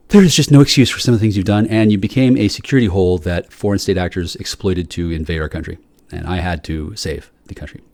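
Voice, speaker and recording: A man in a rambling, profane monologue that swings from shouting to low muttering, often repeating and restarting his words. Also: dry recording. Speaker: solo speaker.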